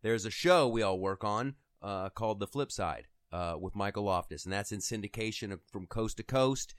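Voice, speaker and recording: A man's voice: moderate pace, clean tone, no room sound, clean studio sound. A man from Ohio hosting a casual comedic chat show, rambling and joking, with frequent fillers. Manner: jokey, rambling, slips into high mock voices. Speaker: podcast host.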